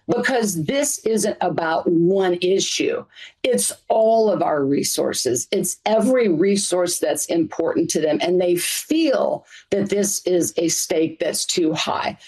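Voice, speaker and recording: A woman's voice: low voice, darkish tone, husky, rough recording. A middle-aged woman advocate answering interview questions earnestly, stacking up points in lists. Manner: earnest, emphatic, piles up lists. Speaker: interview guest, community advocate.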